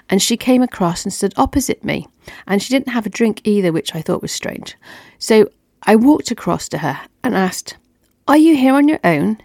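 Upbeat woman chatting away on her podcast, kinda gravelly, dry sound. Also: mid-range voice, darkish tone, no echo. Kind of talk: casual personal storytelling.

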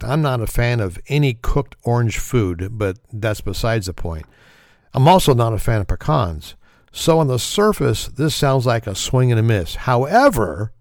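A man's voice: mid-range voice, gravelly, dry recording, studio quality. A man hosting a casual comedy podcast, talking in a wry, sarcastic way and laughing often. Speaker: podcast host.

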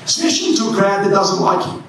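A man preaching a sermon, impassioned and often shouting. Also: sits high, animated, fast talker, a little hiss or hum. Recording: echoey church hall from far off.

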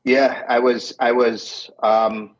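A man being interviewed who tells animated stories, acts out quoted dialogue and often restarts his sentences. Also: mid-range voice, slow, rough recording. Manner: frequent restarts and repeated words. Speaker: guest, doctor and wine importer. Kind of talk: conversational storytelling.

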